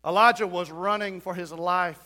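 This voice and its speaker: A man's voice: high voice, steady tone, moderate pace, sharp tone. A middle-aged male pastor preaching a storytelling sermon in a church, acting out quotes and building to emphatic points.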